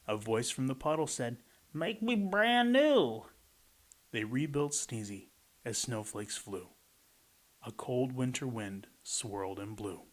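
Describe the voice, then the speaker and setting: A man's voice: lowish voice, unhurried. A man reading a rhyming picture book aloud and adding playful commentary between the pages. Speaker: storybook reader. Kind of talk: picture book read-aloud with chatty asides.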